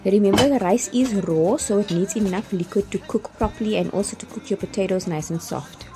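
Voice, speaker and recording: A woman's voice: mid-range voice, brisk. A woman giving a chatty, step-by-step cooking tutorial voice-over. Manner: chatty, step-by-step instructions with light laughs. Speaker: cooking vlogger. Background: background music.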